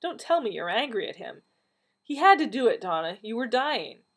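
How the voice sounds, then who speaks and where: A woman's voice: fairly high pitch, big pitch swings, normal speed, pitched above the performer's own voice. A woman doing a worried old grandfather. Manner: worried, pleading. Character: elderly British grandfather, anxious and caring.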